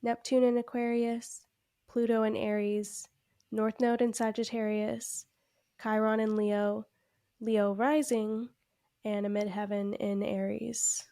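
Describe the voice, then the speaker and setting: A woman's voice: fairly high pitch, level tone, takes it slowly, mellow, dry recording, studio quality. A woman co-hosting a podcast in casual chat, congested, talking with lots of "like" fillers and frequent laughs. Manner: chatty, heavy use of "like" fillers, laughs often. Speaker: podcast co-host.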